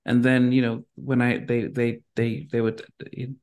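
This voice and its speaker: Reflective middle-aged man with flat delivery. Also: mid-range voice, a little slow. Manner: gentle, reflective, many restarts. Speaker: podcast host. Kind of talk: conversational interview.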